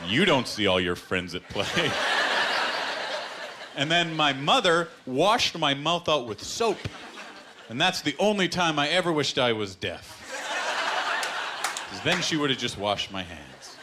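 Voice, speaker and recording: A Canadian man performing a stand-up comedy set on a club stage, deadpan punchlines broken by sudden put-on voices. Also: fairly high pitch, measured pace, long pauses, very noisy. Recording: live stage with loud audience laughter.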